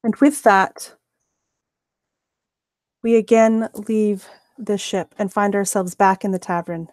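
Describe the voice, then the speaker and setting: A woman running a tabletop game as game master, narrating scenes in a measured, descriptive way. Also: mid-range voice, fairly even intonation, a little mellow, no echo, studio quality.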